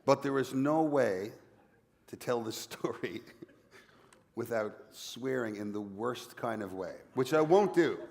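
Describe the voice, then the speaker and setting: A man's voice: mid-range voice, expressive, slow, darkish tone, in a large hall. A man from Newfoundland, Canada, with a Newfoundland accent, telling a playful story on stage as an author guest at a library event.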